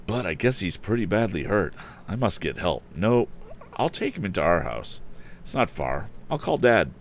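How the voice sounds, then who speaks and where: A man's voice: sits low, very animated, a little hiss or hum, pitched above the performer's own voice. Man voicing an eager breathless teenage boy. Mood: urgent. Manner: breathless, hurried.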